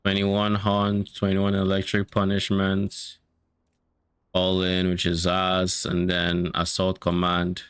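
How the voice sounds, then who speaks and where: A man's voice: low-pitched, monotone, slow pace, a bit bright, clean tone, no room sound, clean studio sound. A man streaming a game, casually thinking aloud about loot and swearing now and then. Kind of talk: casual gameplay commentary.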